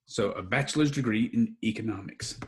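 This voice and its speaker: An American man teaching English over a video call, gently correcting his student and praising her often. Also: fairly low pitch, brisk, a little hiss or hum. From United States. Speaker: English tutor. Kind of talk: online English lesson.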